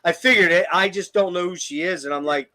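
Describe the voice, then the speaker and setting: A man's voice: high-pitched, fairly quick, sharp tone. A man hosting a casual album review show, enthusiastic and swearing freely as he gushes over tracks. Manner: enthusiastic, profane, gushing. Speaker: podcast host reviewing albums. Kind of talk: casual music chat.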